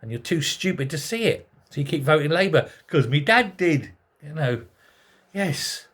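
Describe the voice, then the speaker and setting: A man's voice: fairly high pitch, lively intonation, moderate pace, a bit bright, husky. A man hosting a sarcastic, exasperated political commentary monologue full of rhetorical questions. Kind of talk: ranting monologue.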